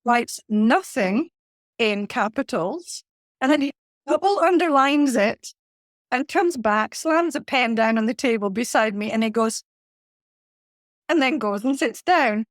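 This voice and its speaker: A woman, a leadership coach telling a lively workplace anecdote as a podcast guest. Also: fairly high pitch, measured pace, no echo, studio quality. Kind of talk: conversational storytelling.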